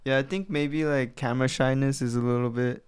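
A man in a casual talk, soft-spoken and hesitant, describing himself as shy and timid. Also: mid-range voice, fairly even intonation, brisk, smooth. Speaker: co-host. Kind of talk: casual chat.

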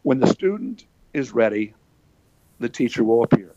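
An older former wrestler from Pennsylvania, USA, tells stories as an interview guest in a folksy, filler-heavy way during casual chat. His mid-range voice is expressive and warm at a moderate pace, recorded with no room sound but lo-fi quality.

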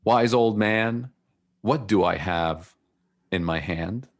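A man voicing a scheming young boy who sets a trick question for a wise old man, asking it slowly and deliberately. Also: lowish voice. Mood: taunting.

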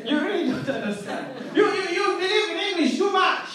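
Lively, laughing African woman preacher. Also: extremely high pitch, fairly quick, reverberant, crowd noise. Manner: animated, laughing, calls out to the congregation. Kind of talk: sermon.

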